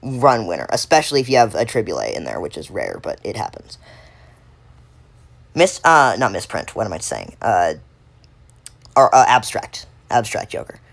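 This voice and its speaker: A woman's voice: very deep voice, big pitch swings, moderate pace, creaky, long pauses. A woman giving casual unscripted commentary while ranking game cards, rambling and correcting herself with lots of fillers.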